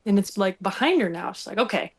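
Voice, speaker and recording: A young woman telling a hunting story on a podcast in a casual, animated way, laughing and acting out what people said. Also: medium pitch, fast talker, husky.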